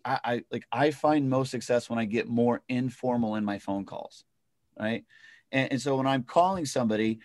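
Rambling real estate agent on a dry mic. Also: male voice, mid-range voice, no echo. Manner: loose, rambling, full of fillers and restarts. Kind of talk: casual podcast chat.

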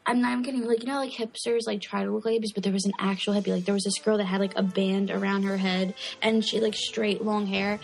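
A young woman chats on a casual podcast with a middle pitch. She rambles through stories, full of fillers and laughs. Faint music sits in the background. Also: little pitch movement, fast talker, vocal fry, hardly any pauses. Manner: rambling, lots of likes, laughing. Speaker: podcast co-host. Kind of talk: casual chat.

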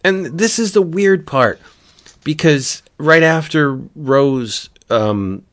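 A man co-hosting a casual podcast, retelling a book's plot and briefly voicing its characters. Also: on the high side. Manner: animated retelling with quick put-on character voices. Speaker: podcast co-host.

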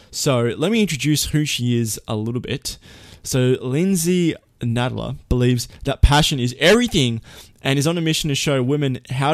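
A man's voice: medium pitch, no room sound, studio quality. A man hosting a podcast, talking in a chatty, upbeat way with fillers and restarts. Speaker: podcast host. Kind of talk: casual podcast intro.

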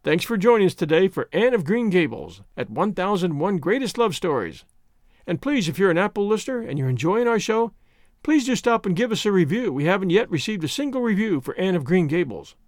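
Expressive male storybook narrator. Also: sits high, brisk, no echo, clean studio sound. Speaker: podcast host and narrator.

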